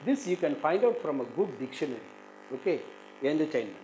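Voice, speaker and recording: A man's voice: fairly high pitch, big pitch swings, brisk, mellow, a little hiss or hum, poor audio. A male English teacher with an Indian English accent gives a recorded lesson, saying each word several times and leaning on the stressed syllable. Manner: drills words by repeating them several times, stressing syllables. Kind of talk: recorded exam-prep lesson.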